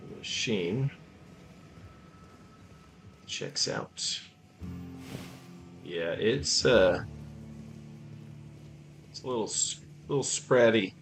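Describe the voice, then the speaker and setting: Slow, gravelly man mumbling game commentary. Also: on the low side, expressive, fairly bright tone. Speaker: gamer. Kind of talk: let's play commentary. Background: game music.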